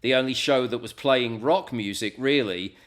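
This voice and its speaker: A man from Essex with an English accent, a radio presenter chatting casually as an interview guest, animated and full of quick asides. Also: mid-range voice. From England (Essex). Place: home in the US, remote call.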